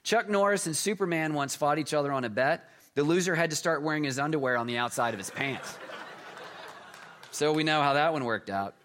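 A middle-aged man preaching a sermon, telling jokey stories and swinging between loud emphasis and quiet asides. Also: on the high side, a little fast. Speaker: pastor.

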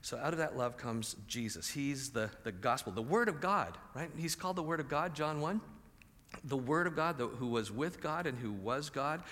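A man's voice: medium pitch, normal speed, fairly bright tone. A man preaching a conversational sermon and asking the audience questions. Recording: reverberant large hall.

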